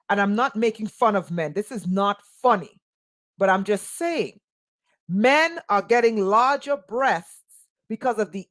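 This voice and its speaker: Casting: woman, spiritual teacher, slightly high voice, deliberate pace, emphatic and sarcastic. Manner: emphatic, rhetorical questions, sarcastic asides. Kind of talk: impassioned spoken monologue.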